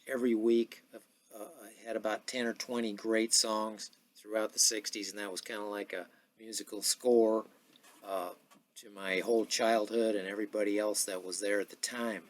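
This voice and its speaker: A man in his sixties hosting a podcast in a casual, rambling monologue full of filler pauses. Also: on the low side, level tone. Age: 60s. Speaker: podcast host.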